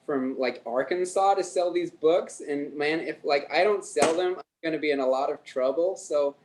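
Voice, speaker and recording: A man's voice: fairly high pitch, moderate pace, background noise, natural voice. A Scottish man doing an exaggerated put-on American accent as an eager young male book salesman. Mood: pleading.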